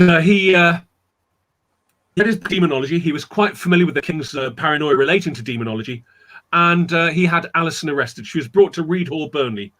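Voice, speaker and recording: A man telling a dramatic folk tale as a guest storyteller, acting out the characters' voices. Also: on the high side. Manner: animated, acts out characters' voices.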